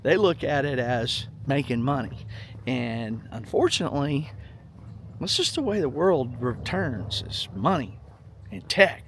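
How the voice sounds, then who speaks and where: A man's voice: medium pitch, animated, measured pace, a little hiss or hum. A middle-aged man giving casual, rambling money commentary in a vlog, emphatic and folksy, often repeating himself. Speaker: finance vlogger.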